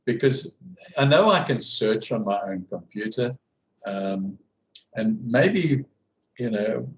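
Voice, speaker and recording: A man in a casual video-call conversation, talking in a halting way with many fillers and restarts about running his classes. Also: lowish voice, expressive, poor audio. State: hiccuping. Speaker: class guide and researcher.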